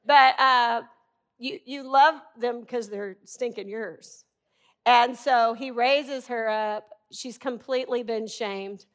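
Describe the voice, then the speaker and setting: A woman's voice: fairly high pitch, slow pace, fairly bright tone, clear, resonant tone. A middle-aged woman preaching a sermon in a conversational, humorous and emphatic way.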